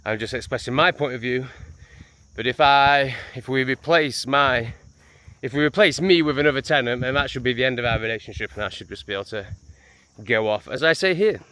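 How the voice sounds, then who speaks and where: An English man chatting to camera in a vlog beside a lake, animated and full of asides. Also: medium pitch, brisk, dry recording. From England. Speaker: vlogger. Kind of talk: casual vlog talk to camera. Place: outdoors by a lake. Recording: noisy outdoor recording.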